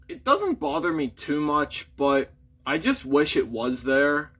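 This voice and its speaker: A man's voice: on the high side, a bit bright. A man casually reviewing a toy figure in an easygoing, mild way, shrugging off small flaws. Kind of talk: casual chat.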